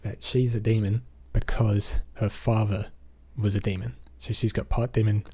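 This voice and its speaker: An Australian man talks through a movie plot in a loose, rambling recap, padding his sentences with "basically" and "um". His voice sits low and mellow with a husky edge. He keeps a flat, even delivery throughout. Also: normal speed. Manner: rambling, leans on fillers like "basically" and "um". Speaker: movie reviewer. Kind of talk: casual spoken movie recap.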